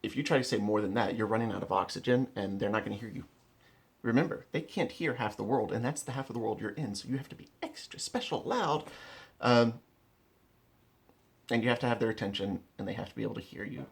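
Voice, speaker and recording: A man's voice: fairly low pitch, expressive, fast, creaky. A man giving a casual instructional talk from home, blunt and emphatic, repeating key words and often restarting his sentences. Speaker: rapier melee instructor. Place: at home, indoors.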